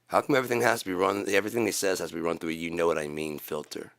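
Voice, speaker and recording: A man hosting his own channel, delivering a profane rant to camera that swings between loud shouting and low muttering. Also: flat delivery, very fast, creaky, hardly any pauses. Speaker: channel host.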